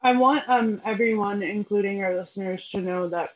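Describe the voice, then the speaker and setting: A woman's voice: mid-range voice, normal speed, lo-fi sound. A woman co-hosting a podcast over a remote call, chatting enthusiastically. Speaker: podcast co-host. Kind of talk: casual chat.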